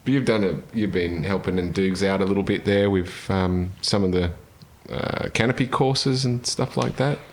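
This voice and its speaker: Older Australian host, low voice, easygoing and halting. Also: male voice. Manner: relaxed, hesitant questions with many fillers. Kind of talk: casual interview chat.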